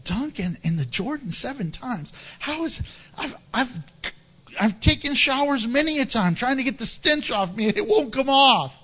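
A preacher playing a proud, indignant leper. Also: male voice, very high voice, expressive, moderate pace, sharp tone, slightly rough, voice pushed up, heavily acted. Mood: frustrated. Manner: exasperated, complaining. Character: proud indignant leper man, ancient commander.

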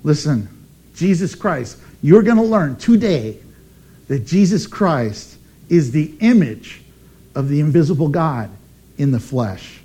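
A man preaching a sermon as pastor, emphatic and animated, with dramatic pauses. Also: fairly high pitch, breathy edge.

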